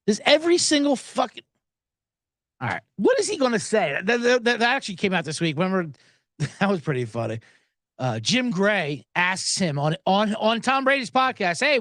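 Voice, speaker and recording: A man with a slightly high voice hosts a sports betting podcast, recorded with studio quality and no room sound. He's animated and sarcastic, ranting about line moves and celebrities and swearing often.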